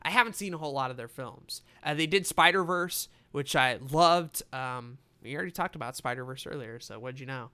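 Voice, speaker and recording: A young man casually reviewing animated films, excitable and swearing freely. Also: mid-range voice, brisk, hardly any pauses, smooth. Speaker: film reviewer.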